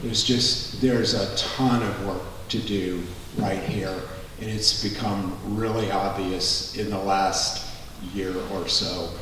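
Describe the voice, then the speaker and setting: A man, a congressional candidate, giving a measured, policy-focused answer at a forum. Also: low-pitched, fairly even intonation, fairly bright tone. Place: large echoey hall. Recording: echoey hall, voice from far off, faint noise.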